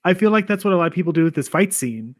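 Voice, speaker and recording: A man co-hosting a movie podcast in casual chat. His voice sits a bit high, and he restarts and hedges as he works out a point. The sound is dry, with no echo. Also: expressive, rapid-fire. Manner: thinks aloud, restarts and hedges. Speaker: podcast co-host.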